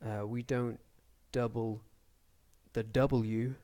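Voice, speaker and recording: A man's voice: medium pitch, level tone, very slow, warm tone. A man teaching an English grammar lesson, explaining spelling rules carefully and spelling words out letter by letter.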